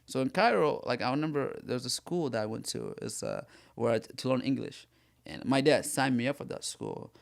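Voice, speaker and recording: A young comedian, chatting on a podcast. He tells stories animatedly, breaking into laughter and restarting his phrases. His pitch sits mid-range for a man. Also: very animated, a little fast, vocal fry. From Sudan. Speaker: comedian co-host. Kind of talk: casual podcast chat.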